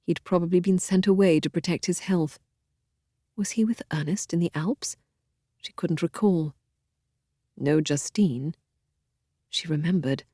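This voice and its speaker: Brief: audiobook narrator, woman, low and dark voice, dry close studio sound, measured and expressive. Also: no room sound. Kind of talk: scripted narration of a historical novel.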